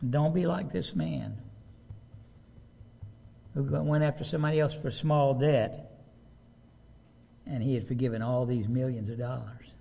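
A man's voice: medium pitch, animated, measured pace, gravelly, long pauses, dark tone, a little hiss or hum. A man preaching a sermon, reading scripture aloud and stopping to ask his listeners emphatic rhetorical questions. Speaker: pastor.

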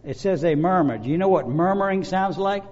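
Animated preaching man, lo-fi recording. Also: high voice, a little fast. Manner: animated preaching, acts out voices of the crowd. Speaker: pastor. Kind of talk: sermon. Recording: dull lo-fi recording.

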